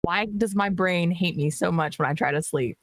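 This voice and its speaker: A woman's voice: fairly low pitch, normal speed, no room sound. A woman co-hosting a casual game stream, reading chat aloud with playful exasperation and laughter.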